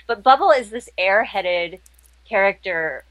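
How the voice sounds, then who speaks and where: A woman's voice: mid-range voice, animated, unhurried, fairly bright tone, no echo, poor audio. A woman guest chatting casually in an interview, bubbly and laughing often. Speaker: interview guest, model and impressionist.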